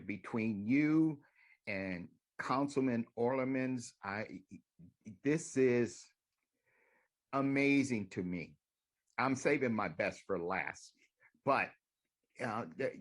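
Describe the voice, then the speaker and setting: A man making a sarcastic, needling public comment at a city council meeting. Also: mid-range voice.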